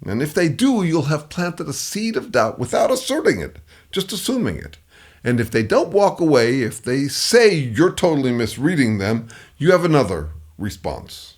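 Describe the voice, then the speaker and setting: A middle-aged man who consults on handling difficult people delivers scripted advice in a slightly high, very animated voice at a measured pace. He's emphatic and acts out the replies he quotes, shifting voices for each one.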